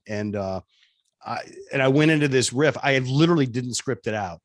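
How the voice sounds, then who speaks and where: A radio personality being interviewed, telling a story casually and acting out the dialogue in voices. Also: male voice, mid-range voice, brisk, dry recording, clean studio sound. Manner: animated, laughing, acts out dialogue in voices. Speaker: radio show personality, guest.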